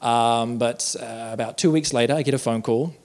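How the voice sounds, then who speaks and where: A man's voice: mid-range voice, normal speed, a little mellow. A young man telling a rambling, self-deprecating, sweary story on stage, with lots of fillers. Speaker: stand-up comedian. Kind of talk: stand-up storytelling. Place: comedy venue with audience. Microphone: handheld microphone.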